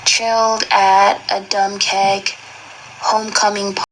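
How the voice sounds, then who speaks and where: A woman's voice: mid-range voice, level tone, takes it slowly, a bit bright, a little hiss or hum, rough recording. A young woman reading aloud and reacting emotionally, with many exclamations and slang.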